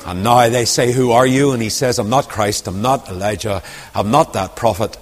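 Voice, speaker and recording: A man with a lilt preaching a storytelling sermon, dropping to quiet asides and rising to loud, ringing declamation. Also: mid-range voice, normal speed. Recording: long hall reverb.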